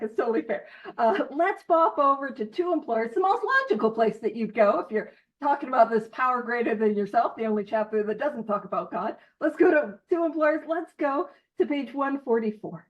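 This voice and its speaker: Woman, guest speaker, high voice, jokey and tangent-prone, dull lo-fi audio. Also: brisk. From Canada. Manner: lively, jokey, goes off on tangents. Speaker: guest speaker at a recovery study meeting. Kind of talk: casual recovery talk.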